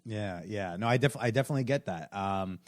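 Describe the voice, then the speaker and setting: Casual podcast guy from new jersey, lowish voice, jokey, mic's dry. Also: fairly quick, no echo. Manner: joking, self-deprecating. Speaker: podcast guest, comedian. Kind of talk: casual chat.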